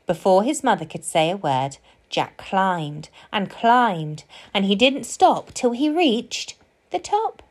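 Slow, sing-song woman reading a children's story. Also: mid-range voice, big pitch swings. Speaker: storybook reader. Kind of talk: children's story read-aloud.

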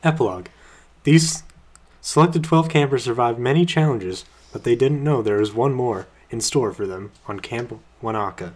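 A young man reading fan fiction aloud on a comedy podcast, halting and giggling as he goes. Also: mid-range voice, lively intonation. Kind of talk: mock-dramatic reading with laughter.

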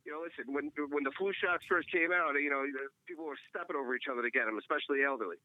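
A man's voice: fairly high pitch, rapid-fire, no echo. A man from New York with a New York accent, calling in to a show and chatting casually, rambling with lots of fillers and restarts, heard over a phone. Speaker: caller. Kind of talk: casual call-in chat. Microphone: phone call. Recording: muffled phone line.

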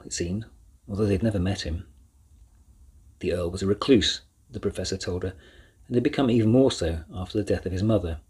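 A male narrator reads a storybook in a deep, low voice. His tone is strongly husky and breathy. The delivery stays even and measured. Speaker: audiobook narrator.

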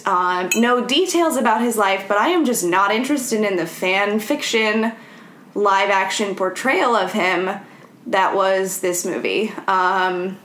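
A woman from California chatting casually as a podcast host, telling stories with lots of fillers and acting out quotes. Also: a little hiss or hum. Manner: animated storyteller, acts out quotes in high voices. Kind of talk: casual chat. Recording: echoey room.

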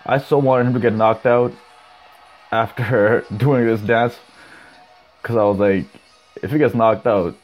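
A man's voice: mid-range voice, steady tone, measured pace, long pauses, a little mellow, soft background music. A young man hosting his own podcast, chatting loosely and swearing a lot as he rambles and reacts to clips. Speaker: podcast host. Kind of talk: casual solo podcast chat.

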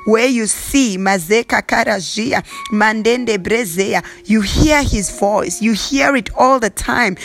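A woman preacher praying fervently over listeners, repeating blessings and breaking into slow chanted tongues. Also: medium pitch. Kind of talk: prayer sermon with speaking in tongues.

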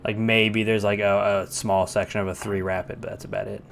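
A man narrating as game master in a relaxed way, often pausing with fillers as he describes scenes. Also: lowish voice, vocal fry, a little hiss or hum. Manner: relaxed, hesitant with frequent fillers.

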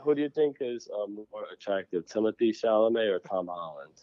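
A man co-hosting a casual podcast chat, loud and excitable, swearing freely. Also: lowish voice, a little fast, no room sound. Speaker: podcast co-host. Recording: dull, lo-fi sound.

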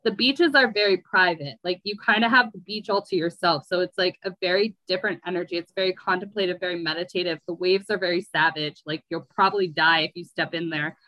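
A woman's voice: lowish voice, brisk, hardly any pauses, pushed and bright, no room sound, poor audio. A woman from the United States in a casual interview, talking in a rambling, chatty way with lots of "like". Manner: chatty, rambling, heavy use of "like". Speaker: guest.

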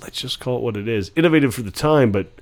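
A man's voice: medium pitch, lively intonation, quick pace. Rambling, swearing man in casual chat. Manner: rambling, swears a lot, many fillers and restarts. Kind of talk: casual podcast chat about rap albums.

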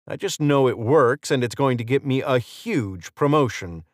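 A man's voice: mid-range voice, lively intonation, normal speed, dry recording, clean studio sound, voice pushed up, lightly acted. A man reading the lines of a cocky male federal agent in an audiobook, mocking and chatty. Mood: smug.

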